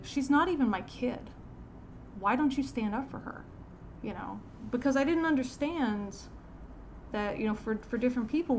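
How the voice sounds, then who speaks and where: A woman's voice: medium pitch, creaky, a little hiss or hum. A middle-aged woman, a teacher, chatting casually and telling a rambling story, often restarting her sentences. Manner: rambling, self-correcting, laughs while telling stories. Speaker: podcast host answering a listener.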